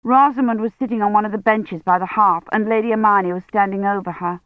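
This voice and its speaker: A woman narrating an audiobook in a measured, even storytelling manner. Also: medium pitch, no room sound. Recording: dull dry recording.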